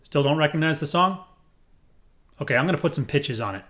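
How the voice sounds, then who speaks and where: A man's voice: on the high side, animated, brisk, fairly bright tone. Upbeat male music teacher who is a little corny and encouraging, walking students through rhythm counting. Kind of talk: rhythm lesson with counting aloud. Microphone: headphones on.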